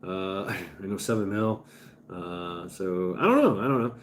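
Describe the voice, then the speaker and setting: Man, livestream host, casual rambling chat, unhurried, stammers, swears. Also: deep voice, a little hiss or hum. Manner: rambling, stammering restarts, profane.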